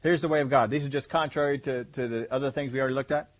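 A man's voice: mid-range voice, fairly even intonation, rapid-fire. A man preaching a folksy, conversational sermon, acting out examples with groans and laughter.

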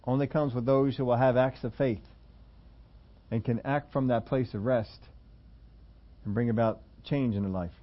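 A man's voice: mid-range voice, steady tone, normal speed, pauses often, muffled recording. A man preaching a sermon in a conversational way, slipping into the voices of the people he quotes. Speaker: pastor.

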